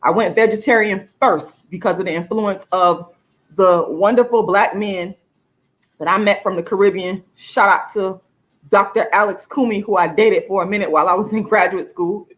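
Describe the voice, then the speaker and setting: Emphatic, profane woman vlogger. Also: moderate pace. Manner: emphatic and profane, with laughs between points; pitch swings widely, often jumping high for emphasis. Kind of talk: casual to-camera monologue.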